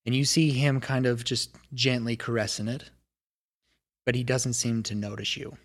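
A man's voice: medium pitch, little pitch movement, normal speed. A man running a tabletop game as game master, narrating casually with lots of filler words.

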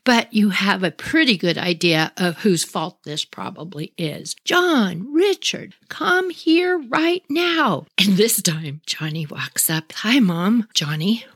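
A woman with a husky voice telling childhood family stories in a casual, animated way and talking to her listeners directly. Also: on the low side, no echo, studio quality. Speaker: storyteller.

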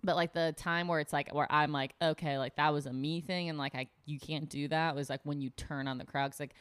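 A woman comic tells stories on a casual podcast, bursting into loud acted-out quotes. Her voice sits a little low. The sound is very dry and close. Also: fairly quick, clear, resonant tone, dry recording. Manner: animated storytelling with loud acted-out quotes, frequent "like". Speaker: stand-up comic guest.

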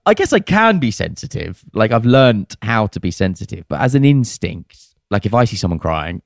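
A man's voice: lowish voice, very animated, moderate pace, gravelly, dry recording, studio quality. A man co-hosting a podcast, chatting frankly and jokily with plenty of fillers. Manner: frank and jokey, lots of fillers. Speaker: podcast co-host. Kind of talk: casual chat.

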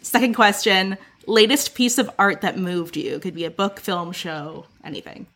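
A woman putting rapid-fire questions to a podcast host in a casual interview. She sounds upbeat and playful. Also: medium pitch, steady tone, a bit bright. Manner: upbeat and playful, laughs often. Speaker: associate producer interviewing the host.

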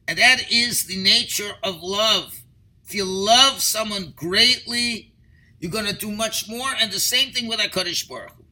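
A man's voice: high-pitched, moderate pace, bright, forceful tone, rough recording. A man teaching a Torah lecture as a rabbi, explaining earnestly through stories and rhetorical questions.

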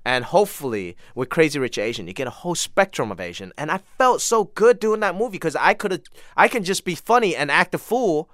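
A man's voice: a little high, a little fast, no room sound, clean studio sound. A young adult man from China, a comedian and actor, chatting as an interview guest and acting out quoted people as he tells his stories. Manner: animated storyteller, acts out quoted tweets. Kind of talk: casual interview chat.

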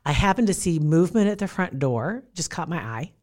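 Animated chatty woman telling a story. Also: lowish voice, a little fast. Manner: animated, chatty, laughs often. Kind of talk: casual chat, storytelling.

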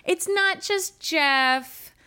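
A woman co-hosting a podcast in casual chat, bubbly and quick to laugh. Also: extremely high pitch, bright, forceful tone. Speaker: podcast co-host. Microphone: video call.

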